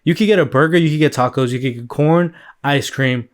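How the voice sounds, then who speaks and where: A man's voice: fairly high pitch, a little fast. A man hosting a solo podcast in a loose, rambling chat, full of fillers and swearing. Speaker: podcast host.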